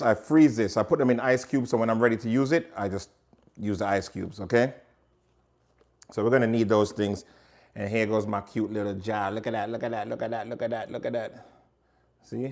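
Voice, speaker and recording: Chatty Jamaican-accented man cooking. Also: fairly low pitch. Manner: chatty, talks straight to viewers. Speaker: cooking show host. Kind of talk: casual cooking demonstration.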